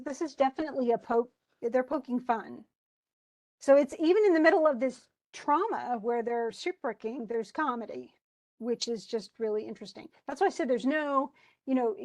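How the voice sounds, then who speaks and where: A woman lecturing a class on a play in a chatty way, often restarting and reading lines aloud with emphasis. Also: on the high side. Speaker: teacher.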